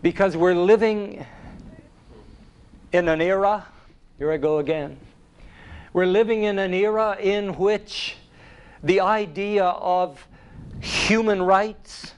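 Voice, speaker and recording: Slow, deliberate male preacher. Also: high voice. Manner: deliberate, emphatic, repeats key phrases. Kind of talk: sermon.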